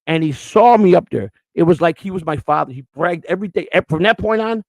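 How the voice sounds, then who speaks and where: A middle-aged man, talking fast in a gravelly, fry-heavy voice. He hosts a podcast and tells his life story bluntly and emotionally, with plenty of profanity. The sound is dry and close, with no room echo. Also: high-pitched, animated. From Chicago. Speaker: podcast host.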